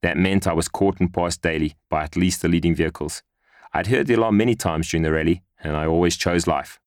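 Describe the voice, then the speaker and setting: A man reading a first-person memoir in a measured, earnest storytelling manner. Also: sits low, no echo, studio quality. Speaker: narrator.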